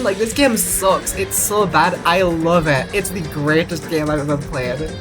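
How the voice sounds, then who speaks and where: A woman's voice: lowish voice, unhurried, over music. Gushing, swearing woman streamer. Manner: gushing, excitable, swears, laughs often. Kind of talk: live gameplay commentary.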